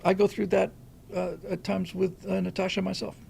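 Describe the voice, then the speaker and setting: A man's voice: sits high, monotone, moderate pace, vocal fry, darkish tone, slight background noise. A man hosting a show, talking through a casual commentary monologue and telling a story in a rambling way, often restarting and repeating words. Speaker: show host.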